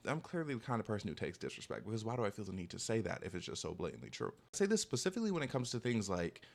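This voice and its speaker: A young man giving dating advice in a casual monologue, talking fast with lots of "like" and "okay?", and mocking people in put-on voices when he quotes them. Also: lowish voice, wildly swooping pitch, creaky.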